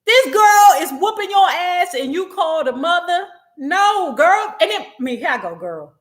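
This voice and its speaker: A woman's voice: very high-pitched, big pitch swings, unhurried. A woman vlogger, chatting animatedly and profanely while gossiping and reading comments on a livestream.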